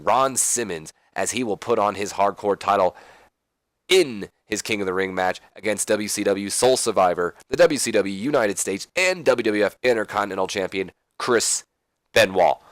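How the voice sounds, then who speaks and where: A man's voice: lowish voice, moderate pace, no echo, studio quality. A man narrating a let's play in casual game commentary, rambling along with lots of fillers.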